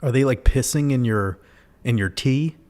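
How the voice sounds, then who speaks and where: A man's voice: mid-range voice, normal speed, darkish tone. A man hosting a livestream, talking casually and animatedly to his viewers, swearing and firing off rhetorical questions. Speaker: livestream host.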